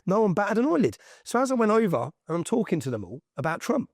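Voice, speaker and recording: A man with a lively, swooping delivery and a slightly raised pitch tells his story emphatically, with plenty of slang. The recording is dry and close, with no room sound at all. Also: fast, no room sound. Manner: emphatic, slangy, tag questions like "yeah?". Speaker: interview guest. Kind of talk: animated personal storytelling in conversation.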